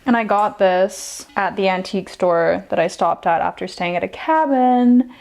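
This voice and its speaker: A woman's voice: mid-range voice, moderate pace, vocal fry, a little mellow. Chatty young woman showing thrift finds. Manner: chatty, enthusiastic, trails off and restarts. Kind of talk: casual show-and-tell chat. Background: faint background music.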